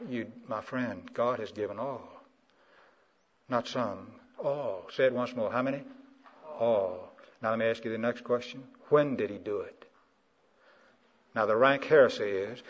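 A man from South Carolina preaching a sermon, urging the congregation to answer him and swinging from low, quiet asides to loud, high-pitched emphasis. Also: normal speed. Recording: muffled old sermon recording.

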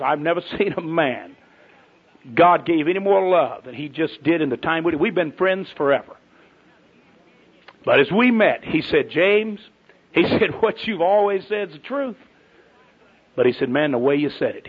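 A middle-aged man preaches in a folksy, emphatic style, swinging from loud declarations to hushed asides. His voice sits a bit high and sounds husky. The recording is tinny and narrow, like a phone line. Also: lively intonation, moderate pace. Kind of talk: sermon.

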